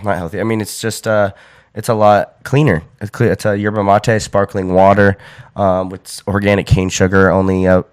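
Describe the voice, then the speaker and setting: A man's voice: lowish voice, smooth, no echo, studio quality. A young American man hosting a podcast, rambling casually with lots of fillers and restarts. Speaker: podcast host.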